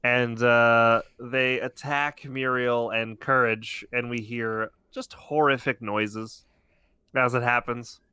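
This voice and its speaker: A man's voice: medium pitch, fairly even intonation, slow, bright, forceful tone, smooth, no echo. A man co-hosting a podcast, casually recapping a cartoon episode in a rambling, explaining way. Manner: rambling, restarts, detailed explainer. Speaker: podcast co-host.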